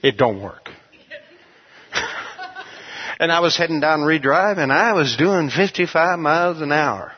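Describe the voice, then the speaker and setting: Husky-voiced man preaching. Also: a little high, expressive, measured pace, pauses often, dull audio. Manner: conversational storytelling preacher. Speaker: pastor. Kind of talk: sermon.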